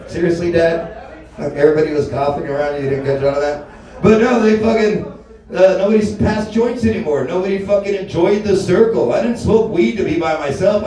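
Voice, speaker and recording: A man's voice: a little high, warm tone. A man from Alaska doing a loose, rambling, profane stand-up set at a bar open mic. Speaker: stand-up comedian. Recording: echoey room, mic heard from a distance.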